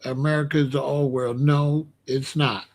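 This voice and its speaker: A man's voice: medium pitch, level tone, normal speed. A middle-aged man ranting bluntly and profanely in casual commentary, repeating himself and dismissing others.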